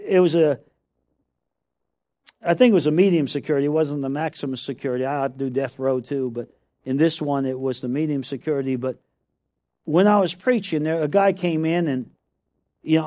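A man preaching a sermon, telling a story and then building to loud, emphatic declarations, often calling out "come on now.". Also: a little high, moderate pace. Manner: repeats "come on now" to the audience.

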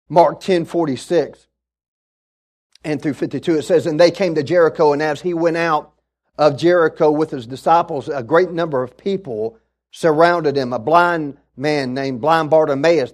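A man preaching a sermon as a pastor, building to shouts and telling stories with quick asides. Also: a little high. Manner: preaching with rising shouts and call-outs; storytelling with asides.

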